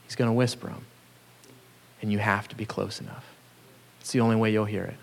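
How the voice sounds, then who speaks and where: A man's voice: on the low side, flat delivery, a little fast, creaky. Earnest preacher man in a reverberant hall. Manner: earnest, conversational, chuckles between points. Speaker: pastor. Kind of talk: sermon.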